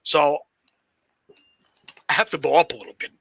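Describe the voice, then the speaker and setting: In a fairly high, steady voice with vocal fry and a sharp edge, a professional wrestler talks at a moderate pace in a casual interview, with no echo. He curses constantly, wanders through anecdotes, and says he's shy and socially awkward.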